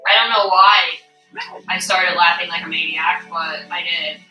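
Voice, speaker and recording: A woman's voice: on the low side, steady tone, measured pace, distant mic. A young woman streaming a video game, chatting casually with viewers, breathless and stammering after a laughing fit. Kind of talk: casual live-stream chat while gaming. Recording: echoey room with faint music.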